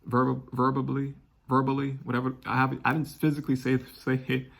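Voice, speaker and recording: Young man, personal storyteller, deep rasp, breathy edge, halting and candid. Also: flat delivery. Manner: candid, halting with frequent restarts. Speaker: vlog host.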